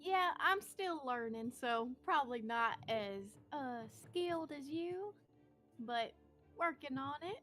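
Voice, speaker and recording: A woman's voice: high-pitched, animated, slow, a bit bright, soft background music. A woman playing a tabletop game, talking to the game master in an eager, chatty way. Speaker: player. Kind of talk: casual tabletop chat.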